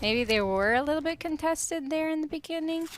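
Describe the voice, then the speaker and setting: A woman's voice: high voice, lively intonation, brisk, noisy background. A woman giving casual analyst commentary on an esports match, friendly and chatty with frequent fillers.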